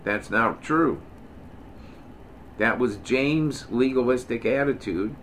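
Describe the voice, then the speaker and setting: Middle-aged male Bible teacher, casual and digressive, mid-pitched voice, stresses the scripture he reads. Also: slow, a bit bright, a little hiss or hum. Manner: digressive, self-correcting, joking asides; reads scripture aloud with emphasis. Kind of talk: informal Bible study teaching.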